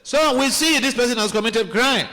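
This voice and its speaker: A man giving a sermon-style class in a temple hall, animated and acting out quoted voices, halting often with restarts. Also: very high voice. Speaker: speaker giving a scripture class.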